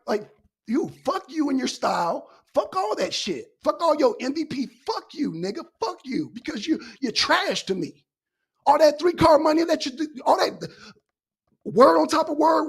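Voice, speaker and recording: A woman co-hosting a live talk stream, ranting with constant swearing, loud bursts that trail off low. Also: husky. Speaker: co-host. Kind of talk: heated profane rant on a live talk stream.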